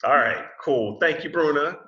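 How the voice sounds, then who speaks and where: A man's voice: a little high, animated, moderate pace. A man leading an English class over a video call, friendly and chatty, often repeating and restarting words. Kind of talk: casual class discussion. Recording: muffled video call in an echoey room.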